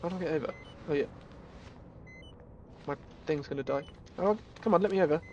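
A man streaming a horror game, talking in a jokey, excitable way with yelps and laughs. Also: a little high, brisk, highs cut off, slight background noise. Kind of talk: gaming commentary.

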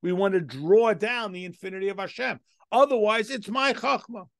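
Rabbi guy giving a lesson, dry close sound, gravelly voice, asks lots of questions and answers them. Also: high-pitched, moderate pace, no room sound. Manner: explains step by step, asks rhetorical questions; reads Hebrew text aloud then translates. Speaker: rabbi teaching a class. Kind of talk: Torah lesson.

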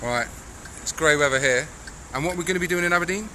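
A man's voice: a little high, quick pace, noisy background. A man filming a road trip, bantering and teasing his companion in a casual vlog. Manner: teasing, jokey.

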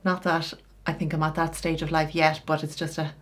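Middle-aged woman, style coach, lower-pitched voice; chatty tutorial delivery with offhand asides. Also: little pitch movement, a little fast, a little hiss or hum. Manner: chatty, explains each step with casual asides. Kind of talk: makeup tutorial.

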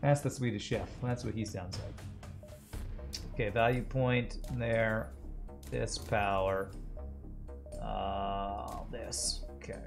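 A man streaming a game, joking casually and reading viewers' chat comments out loud. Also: lowish voice, fairly even intonation, slow pace, creaky, long pauses, music in the background. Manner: jokey, reads chat aloud.

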